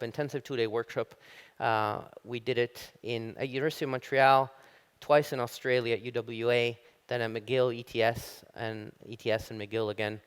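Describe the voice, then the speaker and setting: A middle-aged man from Italy, giving a public university lecture as an animated storyteller. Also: smooth. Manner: animated storyteller, rises high when telling jokes. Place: lecture hall.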